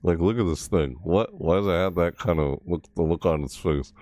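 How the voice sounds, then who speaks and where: A man's voice: low-pitched, normal speed, a little mellow. A man reacting to a game trailer, breaking into startled yelps and exclamations and swearing mildly. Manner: mild swearing, 'frick' and 'what the heck'. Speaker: gaming video creator. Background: faint trailer music under the voice.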